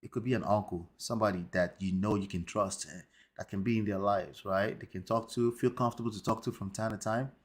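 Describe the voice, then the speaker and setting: A man's voice: fairly low pitch, steady tone, fairly quick. A man hosting a commentary show, talking emphatically and tagging points with rhetorical questions. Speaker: host.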